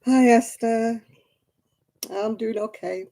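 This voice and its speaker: A woman's voice: on the high side, steady tone, slow pace, dark tone. A middle-aged British woman hosting a casual live stream from her desk, chatting and greeting viewers by name. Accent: British English. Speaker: livestream host.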